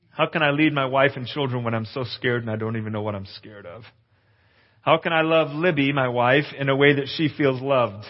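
A man in his forties preaching a testimonial sermon at a conference, earnest and confessional, with playful asides to the crowd. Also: lowish voice. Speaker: pastor. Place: conference hall. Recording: echoey hall, slightly dull.

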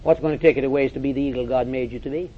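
A man's voice: mid-range voice, steady tone, rapid-fire. A man preaching a sermon, emphatic and direct, repeating phrases and calling listeners to listen. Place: church or meeting hall with audience. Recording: dull lo-fi recording.

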